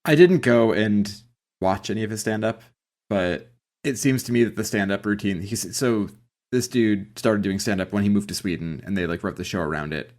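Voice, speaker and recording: Low-voiced man in casual podcast chat. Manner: relaxed, explains background with many fillers. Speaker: podcast co-host. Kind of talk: casual chat about a sitcom.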